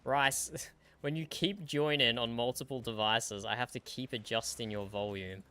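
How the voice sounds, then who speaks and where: A man's voice: mid-range voice, steady tone, normal speed, bright, forceful tone, a little hiss or hum. A man streaming a video game, chatting in a dry, matter-of-fact way and chuckling often. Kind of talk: casual gaming livestream chat.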